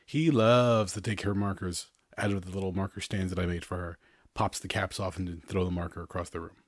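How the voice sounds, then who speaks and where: A man's voice: low-pitched, steady tone, brisk, no echo. A man hosting a podcast in a casual, rambling chat, often chuckling between his remarks. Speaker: podcast host.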